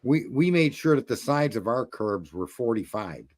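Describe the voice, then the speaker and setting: A man's voice: mid-range voice, animated, normal speed, darkish tone, no room sound. A man in casual chat, telling a roofing story in a blunt, profane way. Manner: storytelling, profane, talks through trade details.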